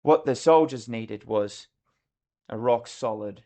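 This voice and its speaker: A man's voice: medium pitch, takes it slowly, mellow. Australian man, middle-aged, podcast guest; candid storyteller with a mid-range voice. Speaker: leadership consultant, podcast guest.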